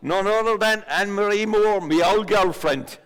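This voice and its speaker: A man's voice: sits high, normal speed, fairly bright tone, a little hiss or hum. An actor playing a rambling, superstitious pub storyteller with an Irish accent, stammering as he spins his tales on a theatre stage. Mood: storytelling. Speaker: pub regular telling a story. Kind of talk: filmed stage play acting. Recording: long stage reverb.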